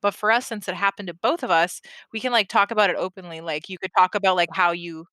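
A woman co-hosting a podcast in casual chat, talking fast through stories and acting out what people said. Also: medium pitch, fairly even intonation, pushed and bright, dry recording. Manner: chatty, quotes people with lots of "like". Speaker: podcast co-host.

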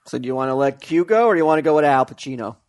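A man's voice: mid-range voice, expressive, rapid-fire, a little mellow. A man hosting an impressions guessing game on a podcast, playful and teasing. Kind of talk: casual podcast banter.

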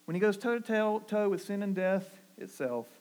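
Male pastor, Southern accent, sermon delivery, earnest, slightly high-pitched. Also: very animated, moderate pace. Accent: Southern American. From American South. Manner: earnest preaching, rising emphatic on key phrases, dropping low and soft for quotes.

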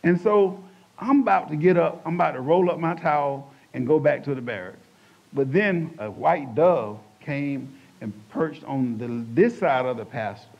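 A man preaching a testimony as a lively storyteller who acts out the voices in his tale. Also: a little high, normal speed, vocal fry, dull audio. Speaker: church speaker giving testimony.

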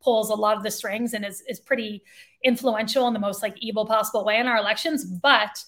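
A woman's voice: medium pitch, steady tone, brisk, fairly bright tone. A woman co-hosting a podcast, chatting casually about politics in an opinionated, sarcastic way. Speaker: podcast co-host.

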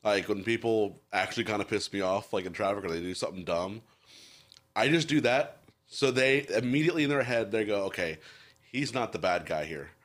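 A man's voice: lowish voice, a little fast, a bit bright. A young man chatting casually and easily as a podcast co-host, full of "like" and chuckles. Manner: easygoing, lots of "like" fillers, chuckling. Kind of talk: casual chat.

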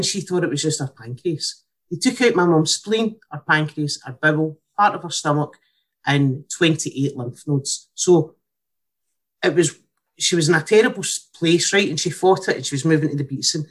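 A Scottish woman telling a comic story in a casual, sweary, blunt and animated way. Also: low voice, normal speed, slightly rough.

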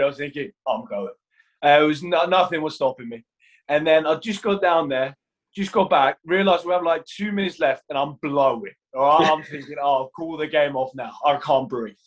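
Young goalkeeper with a London-tinged accent. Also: male voice, a little high, brisk. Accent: London-tinged English. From Iceland. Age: young adult. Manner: chatty, laughing, acts out quotes. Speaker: football goalkeeper, interviewee. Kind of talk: casual interview chat.

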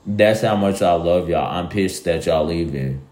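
A young man with a very deep voice speaks in an unhurried, rambling way. He is emphatic and slangy and keeps repeating himself as he talks to his listeners. The room around him is echoey. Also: darkish tone. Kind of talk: casual monologue to listeners.

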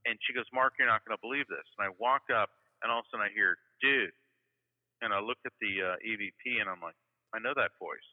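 A man from Florida talks in a low voice, circling and restarting his sentences. His voice comes over a tinny phone-like line with a long reverb tail behind it. He sounds like a guest telling stories in a casual interview. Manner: rambling, with many fillers and restarts. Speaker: psychic medium guest.

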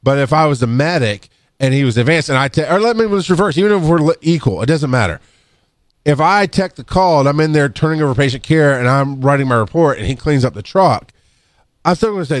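A middle-aged man tells work stories over a close, dry microphone. He rambles, restarts his sentences, and lifts into a higher voice to mimic the people in his stories. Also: expressive, fast, no room sound. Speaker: podcast co-host, EMS worker. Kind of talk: casual storytelling chat. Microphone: studio microphone.

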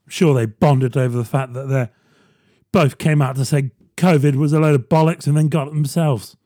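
A man hosting a podcast, delivering a sardonic comedy monologue with quick asides to the listener. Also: mid-range voice, fairly even intonation, mellow, no echo, studio quality. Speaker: podcast host. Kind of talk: stand-up style comedy monologue.

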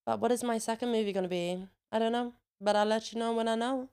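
A young woman hosting a casual solo podcast, chatty and sweary, laughing often and getting animated when she rants. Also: on the high side, fast talker, clear, resonant tone. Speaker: podcast host.

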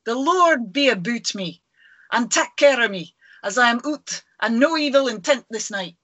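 A woman voicing a rough, foolhardy old Scottish man who speaks a fearful, earnest prayer in a put-on broad Scottish accent. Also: on the high side, lively intonation, normal speed, a bit bright, highs cut off, pitched above the performer's own voice.

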